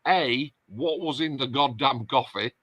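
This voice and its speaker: Chatty man with a bright voice. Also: mid-range voice, a little slow, husky, no room sound. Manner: chatty, reads out viewer comments. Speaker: host. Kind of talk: casual livestream chat.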